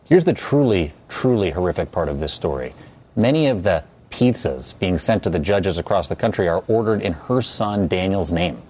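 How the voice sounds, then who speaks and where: A man's voice: low voice, animated, normal speed, darkish tone. A man anchoring a TV news segment, delivering the story in an emphatic, indignant way into a studio microphone. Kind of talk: TV news commentary.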